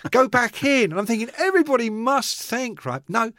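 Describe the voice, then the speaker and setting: Animated storyteller, dry sound. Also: male voice, very high-pitched, fairly quick, no echo. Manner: animated, swearing, acts out voices. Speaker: guest. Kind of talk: casual storytelling chat.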